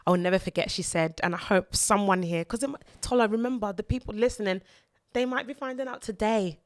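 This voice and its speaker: A woman's voice: medium pitch, no echo, studio quality. Earnest woman sharing a personal story. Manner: earnest, halting, repeats words when emotional. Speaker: podcast co-host and mother.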